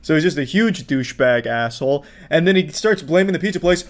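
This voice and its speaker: A man doing sarcastic video commentary in a deadpan, mocking voice, swearing freely. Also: mid-range voice, normal speed, hardly any pauses. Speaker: commentary host.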